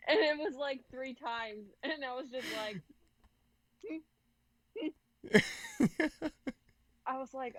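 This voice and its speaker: A woman's voice: medium pitch, normal speed, long pauses, dry recording, highs cut off. A woman guest on a gaming podcast, chatting casually and giggling through her stories. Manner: giggly, animated storytelling. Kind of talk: casual chat.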